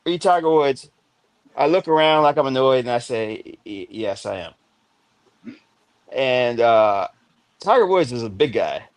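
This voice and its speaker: A man's voice: medium pitch, animated, moderate pace, clear, resonant tone, no room sound. A man hosting a late-night call-in panel, telling stories in a joking way and laughing as he talks. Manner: jokey storyteller, laughs through his lines. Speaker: host. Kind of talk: casual call-in chat.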